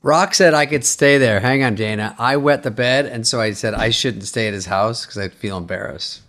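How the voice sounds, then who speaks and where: A middle-aged man co-hosting a chat show, trading dry, profane anecdotes and slipping into the voices of the people he quotes. His voice sits at an ordinary pitch, recorded close and dry with no room sound. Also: moderate pace, a bit bright, dry recording. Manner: wry, profane storytelling with acted-out quotes. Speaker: podcast co-host.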